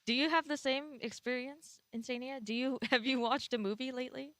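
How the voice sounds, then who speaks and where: A woman hosting a live esports panel, upbeat and quick to laugh. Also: sits high, steady tone, fairly bright tone, no echo. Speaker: esports desk host.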